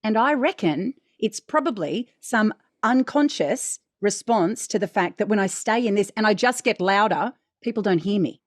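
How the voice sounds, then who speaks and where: An Australian woman co-hosting a podcast in casual, candid chat, with a naturally deep, slightly husky voice. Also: moderate pace, hardly any pauses, dry recording, studio quality. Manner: candid and animated, swears casually. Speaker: podcast co-host.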